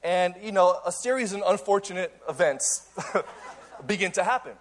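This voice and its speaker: Young pastor guy preaching to a church crowd, fairly high voice, playful and energetic, trips over his words and restarts a lot. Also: normal speed. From Cuban. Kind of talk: sermon with personal story. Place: church auditorium before a congregation.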